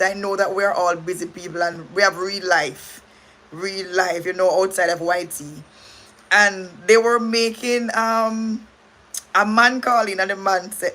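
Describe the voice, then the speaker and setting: Bright-voiced Jamaican woman chatting. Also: mid-range voice. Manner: rambling, warm thanks to viewers, frequent restarts. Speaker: livestream host. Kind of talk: casual livestream chat.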